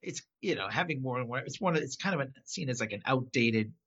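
A man rambling through an animated, laugh-filled retelling in casual chat. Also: medium pitch, fast talker, husky. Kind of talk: casual chat recapping an episode. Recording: slightly dull lo-fi sound.

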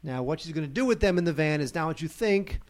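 Wry male film reviewer, higher voice. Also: expressive, quick pace. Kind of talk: casual film review chat.

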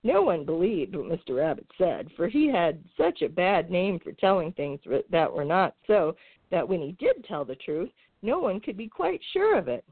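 A woman host reading a children's storybook aloud in an expressive, lilting way. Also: fairly low pitch, normal speed, breathy edge, no echo. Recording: tinny phone-like sound.

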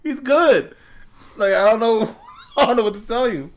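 A man's voice: high voice, fairly even intonation, a little fast. A man in casual chat with a friend, laid-back and slangy, laughing often between words.

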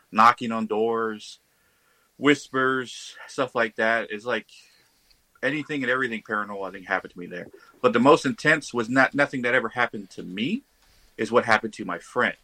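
Bright-voiced man telling a spooky story. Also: on the low side, no room sound, rough recording. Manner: animated, acts out quoted voices. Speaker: guest. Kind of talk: casual storytelling.

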